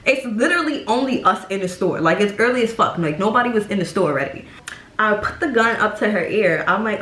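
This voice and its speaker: A young woman telling a profane, animated story-time tale to camera, acting out the people in it. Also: medium pitch, fast talker. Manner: animated, profane, acts out voices. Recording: echoey room.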